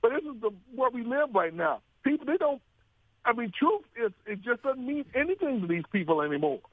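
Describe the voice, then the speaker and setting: A man with a notably high voice talks politics on the radio with emphatic rhetorical questions and frequent laughs. The sound is dry and thin, like a phone line. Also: sing-song, a little fast, no echo. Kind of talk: casual political talk radio chat.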